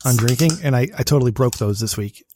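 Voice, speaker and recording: A man's voice: medium pitch, fast, background noise. A man hosting a casual podcast, rambling and self-deprecating, swearing freely, his voice a bit worn tonight. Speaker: podcast host. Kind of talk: casual chat.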